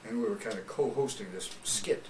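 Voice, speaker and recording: Chuckling often, an older man who once worked in radio shares folksy stories for an oral history interview. His mid-range voice is expressive and fairly quick, recorded roomy and distant with background noise.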